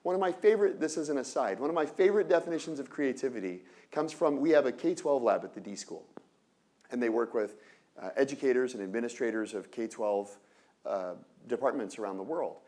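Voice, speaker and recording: A man giving an energetic lecture on innovation to an audience, often asking rhetorical questions and breaking off into quick asides. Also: medium pitch. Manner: energetic, peppered with rhetorical "right?"; asides and self-corrections.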